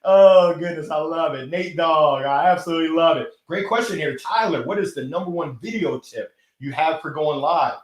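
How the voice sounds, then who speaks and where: A man hosting a live motivational stream, reading out viewer comments with energetic enthusiasm and frequent laughter, speaking into a microphone. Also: a little high, normal speed, hardly any pauses, roomy sound. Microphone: gold microphone.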